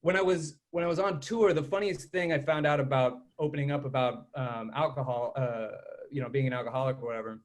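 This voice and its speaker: A man's voice: medium pitch, steady tone, a little fast, few pauses. A man doing a rambling stand-up set over a video call, laughing at his own jokes. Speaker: stand-up comic.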